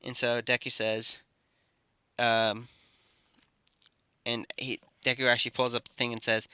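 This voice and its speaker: A man's voice: lowish voice, completely flat delivery, moderate pace, bright, forceful tone, smooth, no echo. A man telling an improvised fan story, rambling and correcting himself as he goes. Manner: rambling, self-correcting narration. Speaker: YouTube storyteller.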